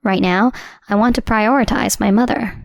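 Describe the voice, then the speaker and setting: Measured woman narrating a story. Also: medium pitch, vocal fry, no room sound, soft background music.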